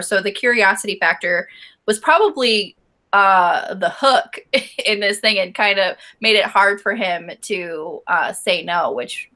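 A woman's voice: mid-range voice, sharp tone. A woman co-hosting a casual book club discussion, chatty and giggly, reading out listener comments.

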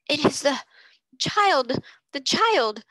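A woman voicing a frail, urgent old gentleman. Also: on the high side, sing-song, moderate pace, dry recording, pitched above the performer's own voice, exaggerated voice, rough recording. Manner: urgent, breathless questioning. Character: frail, agitated invalid gentleman, older man.

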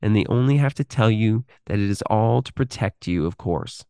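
A man with a very low voice reads a text aloud at a measured pace, then drifts into loose commentary with plenty of ums and uhs. The recording is dry and close, with no room sound. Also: expressive, mellow, clear, resonant tone, no echo. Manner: deliberate reading, halting with fillers when speaking freely. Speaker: podcast host.

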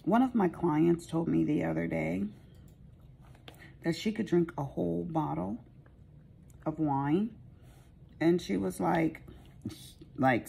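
A woman's voice: on the low side, slow, creaky, pauses often, mellow, slightly rough. A woman chatting casually while she crafts, rambling and poking fun at herself. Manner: rambling, chatty, self-mocking. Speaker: craft vlogger.

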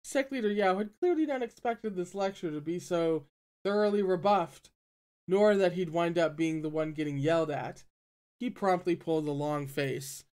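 Audiobook reader, steady narration, mid pitch, even delivery. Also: normal speed, smooth. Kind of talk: reading a novel aloud.

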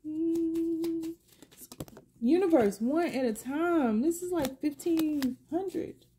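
A middle-aged woman reads tarot cards for a collective audience, taking her time. Her voice is high but dark and mellow, and she drifts back to the same question for the universe between cards. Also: lively intonation, takes it slowly, slight background noise. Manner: musing, repeats questions to the universe. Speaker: tarot reader.

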